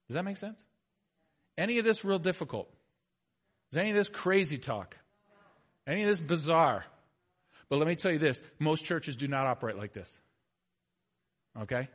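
Animated bright-voiced male pastor preaching. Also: a little high. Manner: animated, swings from soft asides to loud exhortation. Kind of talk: sermon. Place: church sanctuary.

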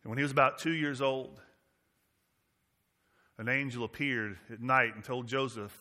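Emphatic bright-voiced male pastor preaching. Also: medium pitch, fairly even intonation, normal speed. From Massachusetts. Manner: emphatic preaching, rising and falling in volume. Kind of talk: sermon. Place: church.

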